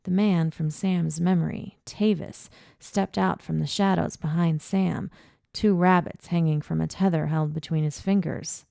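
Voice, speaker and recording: A woman reading first-person audiobook narration in a measured, low-key way. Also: steady tone, gravelly, warm tone, dry recording, clean studio sound.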